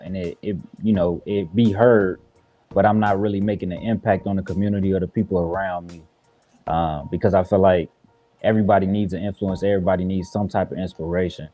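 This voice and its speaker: A man's voice: low-pitched, fairly even intonation, fairly quick, dark tone, highs cut off, faint music behind. Earnest reflective man from Chicago. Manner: earnest, reflective, many fillers. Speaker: guest rapper. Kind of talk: casual interview talk.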